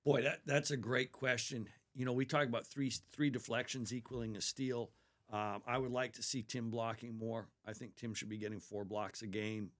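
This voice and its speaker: A man's voice: medium pitch, little pitch movement, normal speed. A man who is a basketball head coach, talking earnestly in a casual interview and telling stories about his players with enthusiasm.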